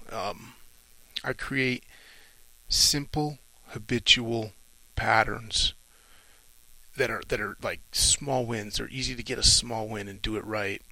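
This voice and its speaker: A middle-aged man, a retired Navy officer, talking through a reflective solo monologue in short, halting, thoughtful phrases. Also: medium pitch, sharp tone, no echo, low-quality recording.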